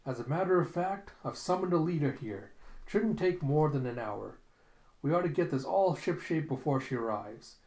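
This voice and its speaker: A man's voice: fairly high pitch, animated, normal speed, darkish tone, reverberant. A man voicing an eccentric male mad scientist who talks in a smug, cheerfully menacing way.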